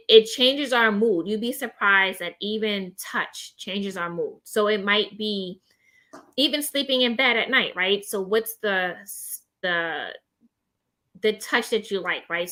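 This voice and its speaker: Bright, animated woman chatting. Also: medium pitch. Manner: animated, laughs often, many "right?" tags. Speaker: host; gives advice to people with depression. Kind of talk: casual chat about mental health.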